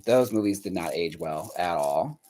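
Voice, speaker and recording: A man's voice: sits low, lively intonation, moderate pace, warm tone. A man hosting a livestream, chatting with viewers while he paints dolls, chatty and profane, laughing often and rambling as he tries to recall things. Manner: rambling, searches memory aloud. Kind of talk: casual chat with viewers while crafting.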